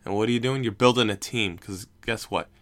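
A man's voice: lowish voice, a little fast, a bit bright. Rambling, teasing young man. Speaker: podcast host. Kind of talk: casual joking chat.

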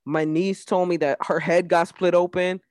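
A young woman co-hosting a casual podcast, telling an animated story with laughter and acted quotes. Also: fairly low pitch, moderate pace, no room sound, studio quality. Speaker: podcast co-host. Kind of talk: casual chat.

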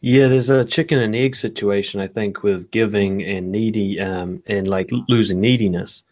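Animated man in casual chat. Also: lowish voice, normal speed. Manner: animated, acts out quoted thoughts, swears casually. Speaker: guest author. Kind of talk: casual podcast conversation.

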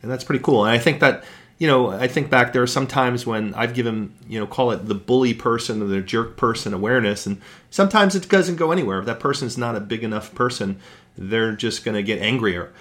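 A man's voice: mid-range voice, brisk, a bit bright. A man in casual discussion, reflecting on a point and repeating words as he builds it.

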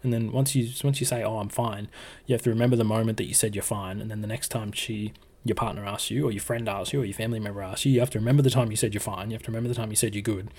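A man's voice: lowish voice, fairly even intonation, racing, darkish tone. A man giving relationship advice in a casual monologue, blunt and swearing freely as he acts out little scenes of dialogue.

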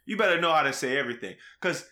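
A man's voice: fairly high pitch, animated, racing, bright, forceful tone. A man hosting a podcast in casual, joking chat, loose and profane. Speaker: podcast host.

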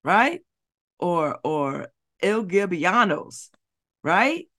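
Woman radio host, lively swooping voice, blunt and preachy. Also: on the low side, drawn-out words. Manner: blunt, preachy, repetitive rhetorical questions. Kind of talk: community radio monologue. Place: radio studio.

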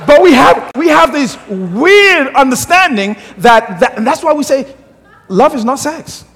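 High-voiced African pastor, reverberant church. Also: male voice, unhurried. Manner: humorous animated storytelling. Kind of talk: sermon. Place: church sanctuary. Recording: long church hall reverb.

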